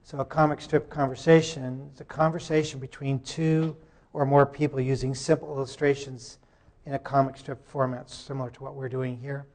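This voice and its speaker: Male presenter, medium pitch, stop-start delivery at a conference. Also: little pitch movement, darkish tone. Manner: halting, breaks off mid-sentence to fix tech. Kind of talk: live presentation.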